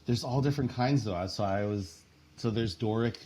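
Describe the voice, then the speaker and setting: A man's voice: mid-range voice, moderate pace, mellow, a little hiss or hum. A man from New Jersey in his thirties, chatting as an interview guest with lots of fillers and laughter. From central New Jersey, US. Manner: chatty and rambling, laughs often, many fillers. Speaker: guest artist. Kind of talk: casual interview chat.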